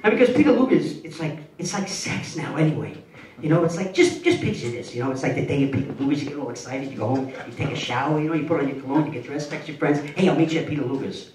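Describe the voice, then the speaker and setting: An older man performing a stand-up routine, telling an animated story and drawing out slow, savoring passages. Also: a little high, slight background noise. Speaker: stand-up comedian. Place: comedy club stage. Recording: roomy club sound from a distance, loud audience. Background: audience laughter.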